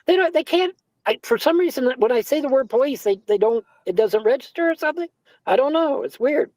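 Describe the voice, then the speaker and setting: A man's voice: very high voice, animated, normal speed, darkish tone, dry recording, low-quality recording. A man chats casually in a dry, close-up recording. He tells long, meandering stories, stumbling and repeating words. He swears freely along the way. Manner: rambling storyteller, stammers and repeats words, swears. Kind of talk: casual chat.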